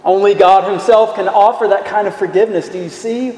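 A man's voice: high-pitched, fairly even intonation, brisk, darkish tone. A man preaching a sermon in an earnest voice, asking rhetorical questions and repeating his words. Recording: echoey hall, faint room noise.

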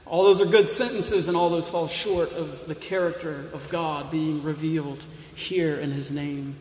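A man's voice: fairly high pitch, steady tone, unhurried, few pauses, darkish tone. A man preaching a sermon, emphatic, often repeating and restarting words as he stresses his points. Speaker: pastor. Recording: roomy hall with long reverb.

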